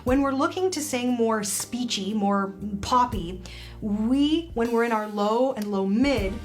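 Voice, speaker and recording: A woman's voice: fairly high pitch, unhurried. A woman vocal coach breaking down a singer's technique in reaction commentary, analytical and demonstrating sounds as she explains. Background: faint music playing.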